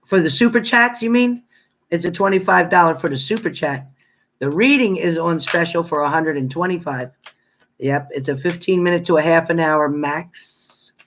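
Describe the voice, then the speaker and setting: A tarot reader talks casually to a live-stream audience in a plain, straight-talking way. The voice is playful and quick to laugh as it greets viewers one by one. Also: mid-range voice, a bit bright, slight background noise. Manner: chatty, greets viewers by name; laughs often, playful banter.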